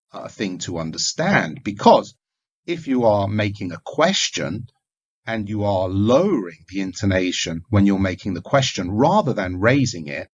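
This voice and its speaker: Guy lecturing, kinda raspy low voice, lots of ups and downs, muffled lo-fi sound. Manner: measured, explanatory delivery with occasional fillers. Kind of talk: recorded lecture on communication skills. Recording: dull lo-fi recording.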